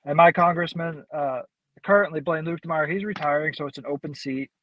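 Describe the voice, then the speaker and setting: A man from Missouri, a congressional candidate being interviewed, answering in a halting way with many pauses and restarts. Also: a little high, highs cut off, a little hiss or hum.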